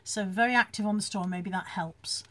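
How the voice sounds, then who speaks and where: A woman's voice: medium pitch, normal speed, pushed and bright. A British woman hosting a casual live chat from home, reading out viewer comments and laughing often as she talks into her phone. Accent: British English.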